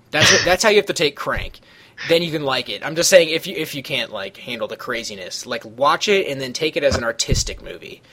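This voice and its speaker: A man hosts a casual podcast chat, rambling from tangent to tangent. He swears freely in a loose, offhand way. His voice sits at an ordinary pitch for a man. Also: pushed and bright. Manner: rambling, profane, jumps between tangents. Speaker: podcast host.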